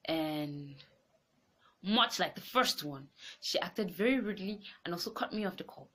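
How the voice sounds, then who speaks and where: A woman, telling a personal story in an animated, exasperated way. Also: on the low side, moderate pace. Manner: animated, rising into exasperated outbursts. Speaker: vlogger. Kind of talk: casual storytelling to camera.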